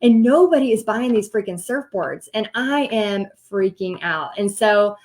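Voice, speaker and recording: A woman in her thirties with a Southern US accent, hosting and telling a personal story in a chatty, animated way with many ums. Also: medium pitch, unhurried. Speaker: host. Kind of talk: casual storytelling livestream.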